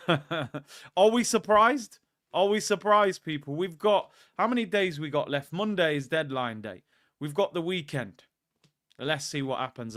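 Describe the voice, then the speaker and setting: A man's voice: fairly high pitch, a bit bright. A man hosting a casual livestream, chatting loosely, reading out viewer comments and calling his audience "people". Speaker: football fan channel host.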